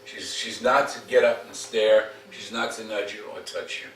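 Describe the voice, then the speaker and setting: A man's voice: fairly low pitch, little pitch movement, moderate pace, fairly bright tone. A man working as a dog trainer, coaching a dog owner at home in a direct way and often checking in with "okay?". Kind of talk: casual instruction at a home visit. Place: home room. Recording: roomy, distant camera mic, faint noise.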